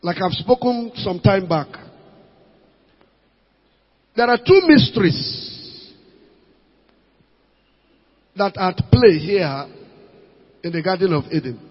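A man preaching a sermon, slow and emphatic, pleading with the church to pay attention. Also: high-pitched, animated, slightly rough. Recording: dull, lo-fi recording in a reverberant hall.

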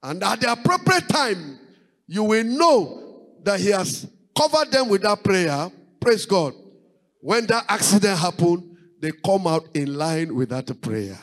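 Lively, high-pitched preacher man. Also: unhurried, low-quality recording. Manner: preaching with rising exclamations and repetition. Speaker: pastor. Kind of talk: sermon.

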